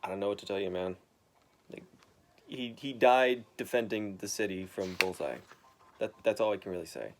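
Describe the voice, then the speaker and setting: A man voicing a weary veteran male reporter who talks in hesitant, halting bursts. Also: on the low side, a little hiss or hum, voice pushed down, lightly acted. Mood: resigned.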